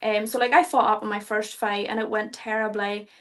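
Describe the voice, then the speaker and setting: A woman's voice: medium pitch, flat delivery, a little fast, fairly bright tone. A young Irish woman, a fighter guest in an interview, talking casually, swearing freely and laughing often. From Ireland.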